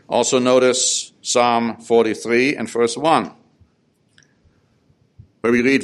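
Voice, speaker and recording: A male preacher delivering a sermon at a slow, measured pace. He reads scripture verses aloud and comments on them, and his voice climbs on the urgent pleas. His voice sits at a middle pitch.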